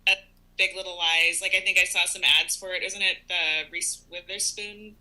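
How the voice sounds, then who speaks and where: Rich: A woman chats as a comedy show guest in a very bright, sharp tone, self-deprecating and animated. She acts out her own reactions over a video call mic. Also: fairly low pitch, normal speed, poor audio. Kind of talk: casual comedic banter.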